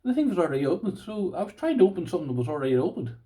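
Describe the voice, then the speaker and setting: A middle-aged Irish man chatting casually to camera about his lock collection, self-deprecating and quick to laugh. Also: high voice, big pitch swings, dark tone, far from the mic, rough recording. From Ireland. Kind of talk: casual vlog chat.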